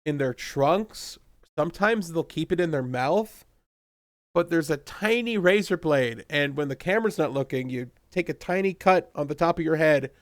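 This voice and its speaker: A man's voice: fairly high pitch, lively intonation, normal speed, no room sound, clean studio sound. A man co-hosting a casual podcast, recapping a TV episode, laughing a lot and acting out characters' lines as jokes. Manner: laughs often, acts out characters' lines jokingly. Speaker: podcast co-host.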